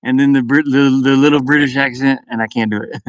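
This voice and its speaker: Young male streamer, chatty and giggly, close dry sound, middle pitch, casual van livestream. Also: steady tone, brisk, no echo, highs cut off. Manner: rambling, laughs often, restarts words. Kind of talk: casual live-stream chat. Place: inside a van.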